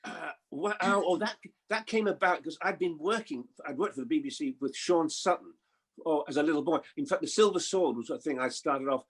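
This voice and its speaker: Husky older man telling lively stories. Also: fairly high pitch, fairly quick. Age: 70s. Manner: lively storyteller, chuckling, mimics voices. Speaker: guest. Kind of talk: anecdotal chat.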